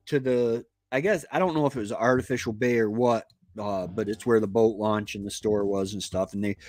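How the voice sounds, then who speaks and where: A man from Florida who hosts a homestead live stream, telling a casual story in a meandering, halting way. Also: mid-range voice, no echo. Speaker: homestead channel host.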